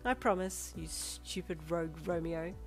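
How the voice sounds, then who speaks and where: A woman's voice: mid-range voice, sing-song, slow pace, creaky, pitched above the performer's own voice, full character voice. Feisty young woman, voiced by the female reader in a fanfic audio story, snappy retorts, faint music behind. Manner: retorting, defiant. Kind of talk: fan fiction audio reading.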